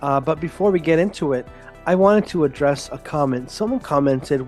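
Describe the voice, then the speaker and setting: A man's voice: a little high, moderate pace, a little mellow, faint music behind. A man hosting a solo podcast, talking in a blunt, emphatic way and swearing openly. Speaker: podcast host. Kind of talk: casual solo podcast monologue.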